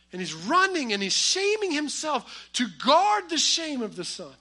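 A man preaching a sermon, telling stories with humor and swinging between loud emphasis and quiet asides. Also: very high-pitched, wildly swooping pitch, normal speed, few pauses. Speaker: pastor.

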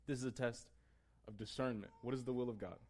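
A man preaching a sermon in a conversational way. He builds to emphatic peaks and then drops to a quiet, close tone. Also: mid-range voice, fairly even intonation, quick pace. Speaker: pastor.

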